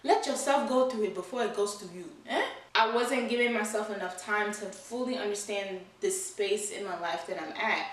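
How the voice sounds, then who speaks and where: A young woman with a mid-range voice talks candidly and earnestly about her life in a vlog, speaking at normal speed with few pauses and lots of "you know" and "like." She is far from the mic in a very echoey room.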